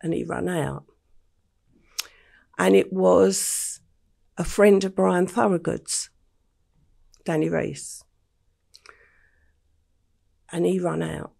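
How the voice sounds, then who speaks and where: An older woman from England tells her story in a deeply gravelly, husky voice. She speaks slowly and plainly, laying out events one after another as an interview guest. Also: fairly even intonation, warm tone. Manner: slow, matter-of-fact storytelling. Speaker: podcast guest.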